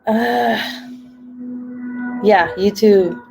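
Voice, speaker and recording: A woman's voice: mid-range voice, extremely slow, creaky, a little mellow, soft background music. A woman hosting a casual craft livestream, chatty and laughing often.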